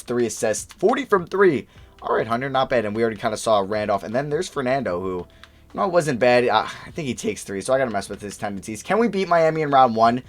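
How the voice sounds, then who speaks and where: Animated young man narrating gameplay. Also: mid-range voice. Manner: chatty, thinking aloud, quick reactions. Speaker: gaming YouTuber. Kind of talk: casual gameplay commentary.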